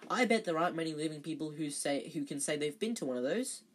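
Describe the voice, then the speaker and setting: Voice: medium pitch, lively intonation, quick pace, close to an everyday voice. A reader voicing a keen, studious teenage schoolgirl.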